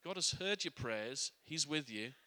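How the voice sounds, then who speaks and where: A man preaching a sermon to a congregation. He speaks earnestly, often restarting or repeating words, and drops quiet and soft on his reflective points. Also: fairly high pitch, animated, measured pace. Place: church. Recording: long church hall reverb.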